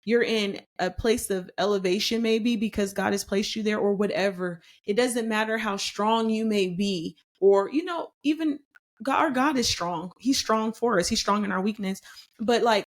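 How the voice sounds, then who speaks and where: Woman, Bible study podcast host, conversational and emphatic, steady mid-range voice. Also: medium pitch. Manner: conversational, emphatic, with slow deliberate scripture reading. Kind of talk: casual Bible study teaching.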